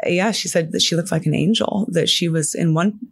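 A middle-aged woman talking as a podcast guest, in a halting way full of "you know" fillers. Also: fairly low pitch, gravelly, slightly rough. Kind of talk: conversational interview.

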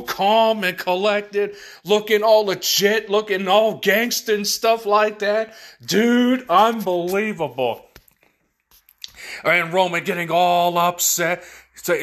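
A man hosting a podcast, recapping wrestling in an animated, sarcastic casual way. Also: high-pitched. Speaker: podcast host.

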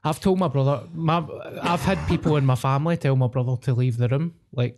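A man's voice: medium pitch, brisk, darkish tone, slight background noise. A young man talking bluntly and mockingly in casual, sweary podcast chat.

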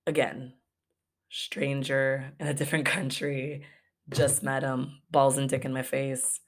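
In a bass voice with a level tone and measured pace, a young LA woman hosting a podcast shares a travel tale. Her story-time delivery is relaxed, candid, and profane.

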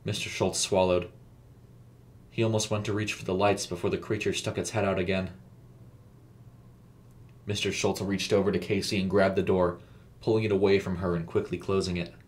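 A man narrating a scripted horror story in a measured, suspenseful way. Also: low voice, flat delivery.

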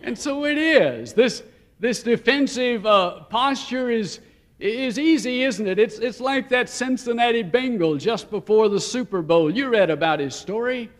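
A man preaching a sermon, telling stories and shifting between slow, weighty phrases and quick asides. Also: extremely high pitch, expressive.

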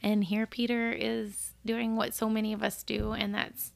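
A woman's voice: mid-range voice, moderate pace, vocal fry, hardly any pauses. A woman co-hosting a casual Bible study podcast, reading scripture aloud and talking it through. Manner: reads scripture aloud, animated when quoting. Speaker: podcast co-host.

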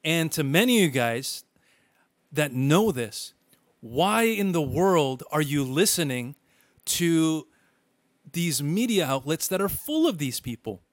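A man co-hosting a podcast who talks earnestly and with force. His voice sits a little higher than usual, and the recording is dry and close. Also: very animated, slow, no echo. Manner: agreeing, affirming, then earnest and forceful. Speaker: podcast co-host. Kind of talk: casual podcast talk.

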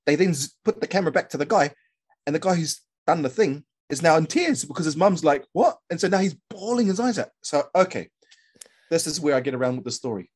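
A man from New Zealand with a New Zealand accent, a podcast guest telling a long story in a casual, animated way, full of fillers, restarts and "bro". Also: on the high side, quick pace, breathy edge.

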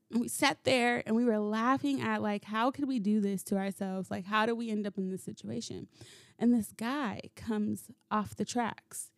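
A woman hosting a solo podcast, telling stories in a casual, animated way, swearing freely and laughing as she goes. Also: fairly high pitch, dry recording, studio quality. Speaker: podcast host. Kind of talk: casual solo storytelling monologue.

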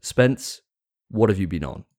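A man's voice: low voice, sing-song, measured pace, darkish tone. A man hosting a casual podcast chat, joking with crude banter. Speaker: podcast host.

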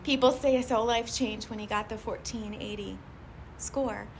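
A woman giving a live motivational talk to a group, animated and chatty, often laughing and asking the audience questions. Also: on the high side, normal speed, a little hiss or hum. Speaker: motivational speaker addressing a group.

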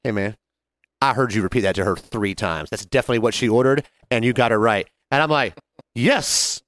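A man's voice: lowish voice, fast talker, dry recording, clean studio sound. A man co-hosting a podcast, telling restaurant stories in casual chat and acting out customers. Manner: animated storyteller, acts out customers. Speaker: podcast co-host.

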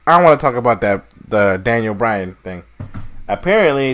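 A man's voice: fairly low pitch, fairly bright tone. A man co-hosting a casual wrestling podcast, blunt and swearing, who slips into mocking impressions. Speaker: podcast co-host.

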